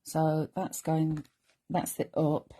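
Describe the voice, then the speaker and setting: A woman in middle age leads a relaxed crafting demonstration, explaining each step as she works. Her voice sits a little low and sounds soft and mellow. She chats along with viewers in an easygoing, conversational way. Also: slow. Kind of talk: chatty live crafting demonstration.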